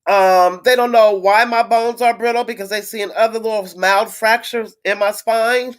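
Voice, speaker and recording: A woman chatting casually on a live stream to her viewers, venting in a frustrated, blunt way with swearing and halting restarts. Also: fairly high pitch, fairly even intonation. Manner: halting with many fillers and restarts. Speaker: livestreamer greeting viewers.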